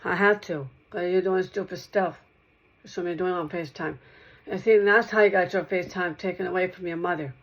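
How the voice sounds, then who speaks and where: Soft, rambling woman on a dull recording. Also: lowish voice, fairly even intonation, a little fast. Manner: repetitive, circling back over the same points, soft-spoken. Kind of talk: rambling spoken monologue to one listener.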